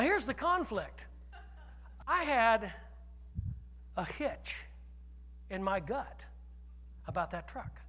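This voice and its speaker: A man preaching a sermon as pastor, telling a personal story with animated swings from loud declarations to hushed asides. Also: very high voice, big-room sound.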